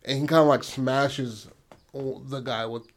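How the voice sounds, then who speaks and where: A young man co-hosting, pitching movie plot ideas in casual, crude chat and often asking his partner for agreement. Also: fairly even intonation, measured pace. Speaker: co-host brainstorming a story.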